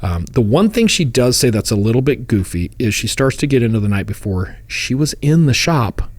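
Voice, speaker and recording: A man's voice: mid-range voice, sing-song, moderate pace, a little mellow, dry recording. A man co-hosting a true-crime podcast, retelling a case in a casual, joking way and slipping into voices for the people involved. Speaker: podcast co-host.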